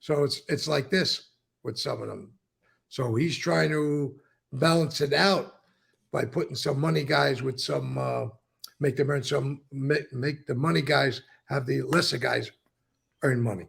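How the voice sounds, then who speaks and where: A man's voice: mid-range voice, a little slow, a bit bright. An older man, a former mob member telling stories in an interview and acting out what others said. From New York. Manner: gravelly, profane, tells stories acting out quotes. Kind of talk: conversational interview.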